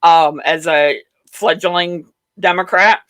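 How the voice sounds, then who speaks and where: A mid-pitched host with a bright, edgy tone, recorded dry and close. The host talks politics in a halting, agreeable way, often restarting sentences. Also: fairly even intonation, no room sound. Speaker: talk show host. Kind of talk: political discussion.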